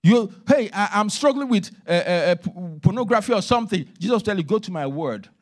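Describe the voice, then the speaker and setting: A male minister preaching a sermon in church, emphatic, swinging between loud stresses and hushed asides. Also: high-pitched, quick pace.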